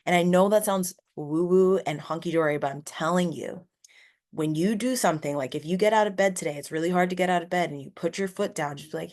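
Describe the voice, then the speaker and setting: Low-voiced woman, rambling podcast pep talk. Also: moderate pace. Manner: casual, rambling, many "like" fillers; earnest and encouraging. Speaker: podcast host. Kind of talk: solo motivational podcast monologue.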